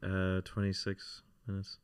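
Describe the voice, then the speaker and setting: A man's voice: sits low, monotone, unhurried, smooth. A man co-hosting a podcast, giving short, laid-back replies in casual chat. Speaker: podcast co-host.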